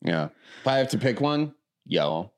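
A man from the American Midwest answering rapid questions in an easygoing, rambling way. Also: medium pitch, big pitch swings. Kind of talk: casual chat.

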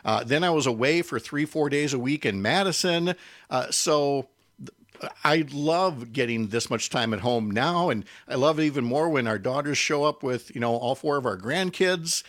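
A man's voice: medium pitch, animated, moderate pace, fairly bright tone, dry recording, clean studio sound. An older man, a radio host and interview guest, chatting casually and telling stories with self-deprecating humor.

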